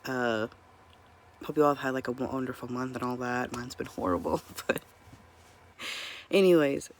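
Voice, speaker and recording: A man hosting a reaction video at home, groggy and half awake with a croaky morning voice, rambling apologetically while keeping his voice down to avoid waking someone. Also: mid-range voice, fairly even intonation, a little fast, a bit bright, slight background noise. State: groggy, just woken up. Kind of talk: casual chat. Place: home room. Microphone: earphones mic.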